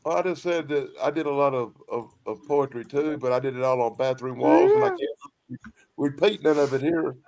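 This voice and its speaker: A man's voice: medium pitch, sing-song, fairly quick, a little mellow, low-quality recording. A man with a Southern US accent chatting as a panelist, in a folksy hillbilly drawl that repeats itself. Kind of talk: casual chat.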